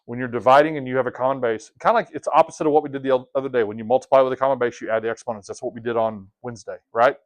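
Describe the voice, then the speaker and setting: A man's voice: mid-range voice, steady tone, very fast, few pauses. A man teaching a math class, talking casually to his students, joking and asking them questions. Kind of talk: classroom lesson.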